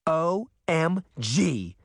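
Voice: mid-range voice, very animated, extremely slow, vocal fry, dry recording, clean studio sound, exaggerated voice. A reader voicing a cheeky, teasing younger sister with a chirpy, wisecracking delivery, read as an audiobook. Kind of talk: audiobook reading.

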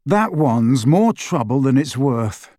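A man voicing a weary teenage boy wizard, tired, quiet and measured, in an audiobook. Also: mid-range voice, big pitch swings, no room sound, clean studio sound. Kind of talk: audiobook character voice.

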